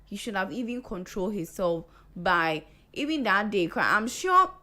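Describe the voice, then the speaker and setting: A woman's voice: mid-range voice, expressive, measured pace, pushed and bright. A woman, a studio guest on a radio talk show, giving her opinions in a casual, plain-spoken way.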